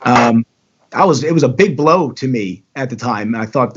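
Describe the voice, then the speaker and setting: A man tells his own story as a podcast guest, in easy, talkative chat. His voice sits at an ordinary middle pitch. The audio is dull and lo-fi. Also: lively intonation, moderate pace, fairly bright tone, slightly rough.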